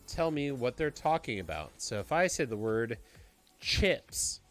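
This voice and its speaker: A man hosting a trivia stream in casual chat, joking and explaining the answers in quick bursts. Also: mid-range voice, very animated, soft background music. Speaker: trivia host.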